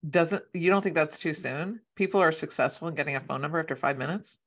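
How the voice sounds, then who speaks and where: A woman's voice: deep voice, fairly even intonation, fast, fairly bright tone. A woman hosting a casual podcast interview, giving short affirmations and asking probing follow-up questions. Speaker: podcast host and matchmaker.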